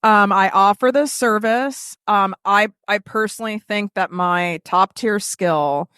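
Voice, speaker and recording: A woman's voice: mid-range voice, a little slow, a bit bright, clean tone, no echo, studio quality. A woman co-hosting a podcast in casual chat, telling stories in a chatty way, full of "like". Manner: chatty, filler-heavy storytelling with frequent "like". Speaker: podcast co-host.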